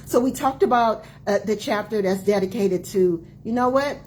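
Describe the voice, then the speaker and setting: A woman in her forties, a doctor and author hosting her own book launch, talking live to viewers with emphatic repetition and quick greetings to people joining. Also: medium pitch, a little mellow, a little hiss or hum. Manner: emphatic, repeats key phrases, calls out greetings to viewers. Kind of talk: live-streamed talk to viewers.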